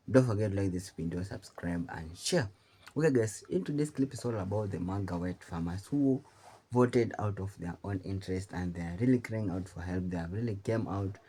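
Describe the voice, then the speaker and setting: A man's voice: on the low side, dark tone, slightly rough. A man hosting a YouTube reaction channel, talking emphatically with many restarts and repetitions. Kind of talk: reaction commentary.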